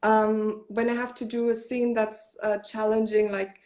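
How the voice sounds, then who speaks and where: This German-native actress, a woman from Germany, is a guest in a casual interview, talking freely with frequent "like" fillers and restarts. Her voice is fairly high and darkish, with a level tone and an unhurried pace.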